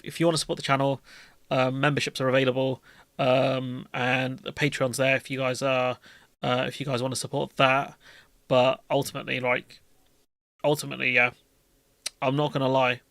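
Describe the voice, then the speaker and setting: A man's voice: medium pitch, creaky, a bit bright, no room sound. A man, hosting a live stream and chatting casually with his viewers in a jokey, rambling, slangy way.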